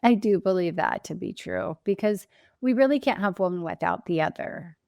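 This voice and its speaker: A woman's voice: on the low side, lively intonation, moderate pace, creaky, a little mellow, no room sound, muffled recording. A woman grief coach answering interview questions in an earnest, emphatic and reflective way. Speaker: grief coach and podcast guest.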